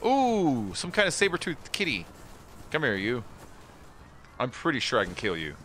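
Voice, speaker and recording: Animated male game streamer, noisy audio. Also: medium pitch, normal speed. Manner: playful, animated, swears casually, chats with a teammate. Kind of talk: casual gameplay commentary.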